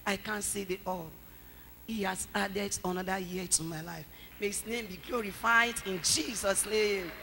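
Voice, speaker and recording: A woman's voice: mid-range voice, fairly even intonation, measured pace, noisy background. A woman animatedly telling her testimony in church. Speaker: church member giving testimony. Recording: long church reverb, faint ambience.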